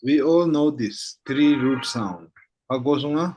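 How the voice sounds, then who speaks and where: A man teaching a slow alphabet lesson, reading each sound one by one and checking in often with "okay?" and "hmm?". His first language is Tibetan. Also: medium pitch, slightly rough, muffled recording.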